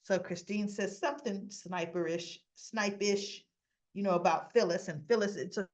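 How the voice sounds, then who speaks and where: A woman's voice: mid-range voice, steady tone, normal speed. A woman hosting a casual soap recap, chatty and opinionated, acting out characters' lines as she goes. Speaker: soap opera recap host.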